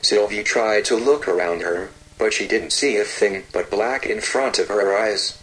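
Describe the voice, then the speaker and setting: A man narrating a fairy tale slowly and gently, with repetitive storytelling phrasing. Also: on the low side, poor audio.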